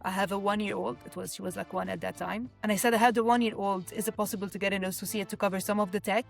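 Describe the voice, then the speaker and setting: A woman in her thirties from Lebanon, a scenic designer speaking as an interview guest in a reflective, halting way, often restarting sentences. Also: mid-range voice, steady tone, creaky, soft background music. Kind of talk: candid conversational interview.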